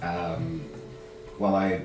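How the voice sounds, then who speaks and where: A man's voice: low voice, little pitch movement. Man in a very echoey room, declaring his moves. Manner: halting, plans actions step by step. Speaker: player. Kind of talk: casual tabletop game chat. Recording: very echoey room, distant mic, music behind.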